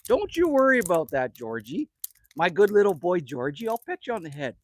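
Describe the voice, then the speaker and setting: A man's voice: sits high, big pitch swings, brisk, no room sound. A man jokingly voicing a doting, fond middle-aged mother who coos at her boy.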